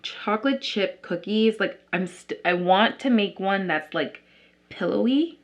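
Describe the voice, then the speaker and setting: A woman's voice: medium pitch, lively intonation, a little slow. A young woman vlogger chatting casually as she does her makeup, rambling with lots of likes and restarts. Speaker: beauty vlogger. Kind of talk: casual chat while doing makeup.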